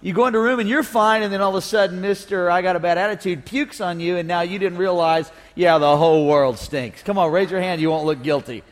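Male pastor, high voice, playful call-and-response preaching, reverberant sanctuary. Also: quick pace, few pauses. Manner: humorous, call-and-response with congregation. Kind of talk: sermon. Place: church sanctuary. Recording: long reverb of a church hall.

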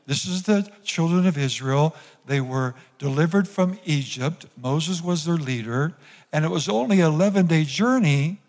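A man's voice: on the high side, lively intonation, normal speed, a little mellow, big-room sound. A man preaching a sermon as pastor to his congregation in church, calling on them to repeat lines after him. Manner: preaching with call-and-response to the congregation. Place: church sanctuary.

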